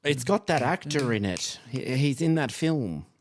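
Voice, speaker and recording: A man's voice: mid-range voice, big pitch swings, normal speed, slight background noise. A young man co-hosting a music podcast in casual, playful chat that often trails off. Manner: laid-back, playful, trails off. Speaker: podcast co-host.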